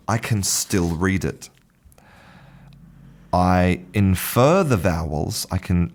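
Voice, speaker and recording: Male podcast host, deep voice, relaxed explainer who restarts phrases and chuckles. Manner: thinking aloud, restarts phrases, chuckles at own ideas. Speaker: pronunciation teacher and podcast host. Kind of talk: casual explanatory monologue.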